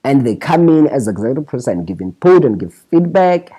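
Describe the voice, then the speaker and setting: Lively, husky-voiced man telling stories. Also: medium pitch, a little fast, poor audio. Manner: animated, restarts phrases, mimics others' voices in quotes. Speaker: scriptwriter guest. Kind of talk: candid interview storytelling.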